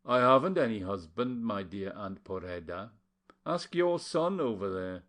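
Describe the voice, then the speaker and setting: A man voicing a young woman who answers coolly and haltingly. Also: fairly low pitch, animated, a bit bright. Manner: halting, cool replies. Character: young woman, cool and evasive.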